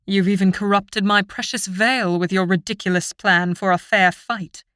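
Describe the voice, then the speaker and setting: A woman's voice: medium pitch, steady tone, moderate pace, fairly bright tone, smooth, no room sound, close to an everyday voice. A woman voicing a cold, scheming fairy queen who talks down to others with silky menace, read dry and close for an audiobook. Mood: menacing.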